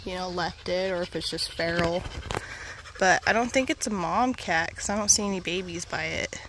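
A woman's voice: on the low side, moderate pace, noisy background. A woman vlogging casually on an outdoor trail, chatting and talking to her dog as she walks. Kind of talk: casual walking vlog.

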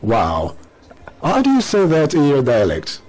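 A man's voice: medium pitch, wildly swooping pitch, a little mellow, low-quality recording. Encouraging radio host, man. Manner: encouraging, quick praise, asks guests to repeat. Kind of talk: radio interview with schoolchildren.

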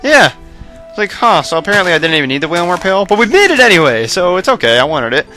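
Young guy rambling over his game footage, kinda tired voice at 2am, jumps up loud when excited, faint music underneath. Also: sits high, fast talker. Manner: rambling, self-mocking, excitable outbursts. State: voice going hoarse late at night. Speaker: let's play host. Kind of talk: casual gameplay commentary.

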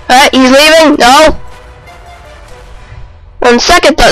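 A man with a high, unhurried voice chats through a let's play, cracking jokes at his own clumsy play. Faint music runs underneath. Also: low-quality recording. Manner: excitable, self-mocking, quick retorts. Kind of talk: casual gameplay commentary.

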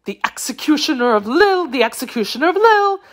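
A woman voicing a cornered noblewoman villain from a classic novel in an audiobook, crying out in high, panicked bursts. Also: big pitch swings, fast, fairly bright tone. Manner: shrill, panicked cries. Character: terrified branded noblewoman villain, cornered and pleading.

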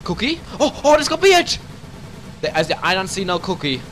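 A young man giving excitable gameplay commentary, yelping for help, laughing often and dropping into low muttered asides. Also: a little fast, slight background noise. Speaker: gaming video host.

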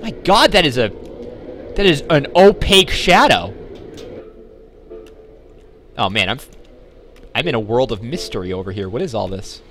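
A young man hosts a let's-play video with sarcastic, joking running commentary. His voice is bright and forceful, with lively, animated swings in pitch. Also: moderate pace, pauses often, slight background noise. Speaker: gaming video host.

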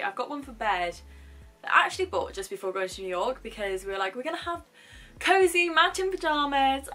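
A woman's voice: medium pitch, a bit bright. A young woman vlogger chatting casually and gushing about a shopping haul. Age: young adult.

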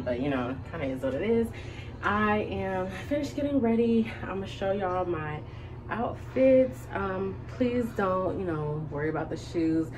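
A woman vlogger with a fairly low voice chats casually and animatedly, talking straight to her viewers from her bathroom at home. The recording is rough, with music playing in the background.

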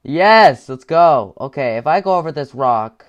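A man giving gameplay commentary with headphones on, muttering to himself and swinging into frustrated yelling. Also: fairly high pitch, expressive, a little slow, muffled recording. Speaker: gaming video creator.

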